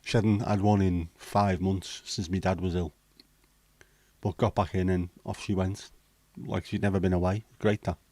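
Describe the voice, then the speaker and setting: A man's voice: deep voice, little pitch movement, normal speed, a little mellow, dry recording. A middle-aged man hosting a casual livestream chat, reading out viewer comments and answering them bluntly, swearing freely. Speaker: livestream host.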